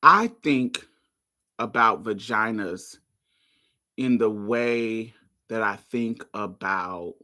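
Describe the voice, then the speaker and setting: A woman's voice: extremely low pitch, extremely slow, long pauses, bright, forceful tone. A woman hosting a casual talk show, telling a story to her listeners in a blunt, profane way and laughing often. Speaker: host.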